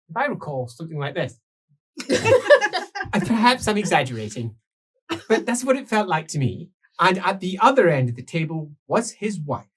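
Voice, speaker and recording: A husky man narrates an improvised tabletop role-play in character, rambling and giggling through fillers and restarts. His voice leaps up and down in pitch as he tells the tale. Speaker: player telling his character's story.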